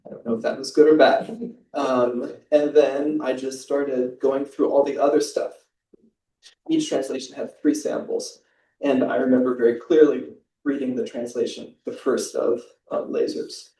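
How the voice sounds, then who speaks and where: A man's voice: mid-range voice, fairly even intonation, normal speed, dark tone. A man presenting a translation prize, chatting informally and reading a passage aloud. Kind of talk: ceremony speech with a read-aloud excerpt. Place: library event hall. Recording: roomy, distant mic.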